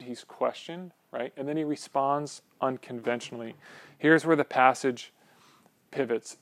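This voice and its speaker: A man's voice: medium pitch, no echo. A man teaching a small Bible class in a church room, talking informally and often checking in with "right?" between his points. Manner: conversational, peppered with "right?" tags and restarts.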